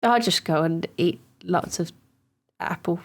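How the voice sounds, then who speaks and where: A woman co-hosting a casual podcast, chatty and quick to laugh. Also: fairly low pitch. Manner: chatty, laughs easily, playful. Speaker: podcast co-host. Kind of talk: casual chat.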